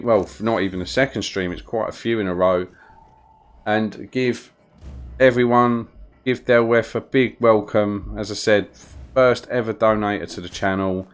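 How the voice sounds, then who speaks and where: With a lowish voice and a London accent, this man from London, England, talks his way through a game on a live stream. His commentary wanders casually, and he welcomes chat viewers as he goes.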